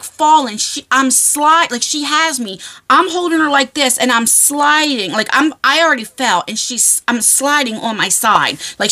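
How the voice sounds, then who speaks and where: Animated woman telling a rambling story. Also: on the high side. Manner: rambling, animated, lots of fillers and "okay?". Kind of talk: casual storytelling.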